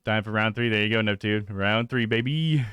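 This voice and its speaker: A man's voice: fairly low pitch, moderate pace, fairly bright tone, clear, resonant tone, no room sound, clean studio sound. A young man chatting casually with viewers on a live stream, laid-back and swearing freely. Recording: game music behind.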